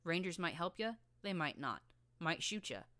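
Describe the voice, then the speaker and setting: A woman voicing a tough, streetwise young filly gang leader with a rough rural drawl and a blunt, slangy manner. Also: lowish voice, sing-song, moderate pace, sharp tone, no room sound.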